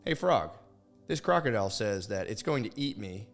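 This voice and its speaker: A man's voice: on the low side, sing-song, normal speed, creaky, faint music behind. A man voicing a desperate boy who pleads and bargains for his life. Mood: pleading. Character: desperate young boy caught by a crocodile.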